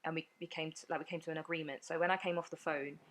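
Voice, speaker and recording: Low-voiced woman telling her story. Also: level tone. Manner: earnest, rapid retelling with many fillers. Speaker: guest sharing her story. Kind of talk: personal storytelling in a podcast interview.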